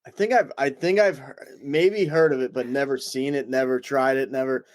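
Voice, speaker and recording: A man's voice: medium pitch, normal speed, dry recording. A man talking as a guest on a casual sports podcast, hesitant and laid-back, with many restarts.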